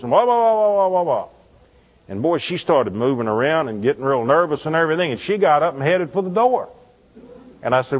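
Animated preacher man with lo-fi sound. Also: a little high, a little fast. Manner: animated storytelling, acts out quoted voices. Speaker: pastor. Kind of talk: storytelling sermon. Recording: dull lo-fi recording.

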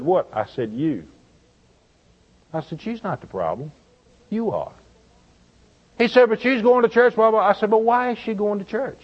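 Animated preacher man with lo-fi sound. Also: high-pitched. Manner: animated storytelling, acts out quoted voices. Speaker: pastor. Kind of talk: storytelling sermon. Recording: dull lo-fi recording.

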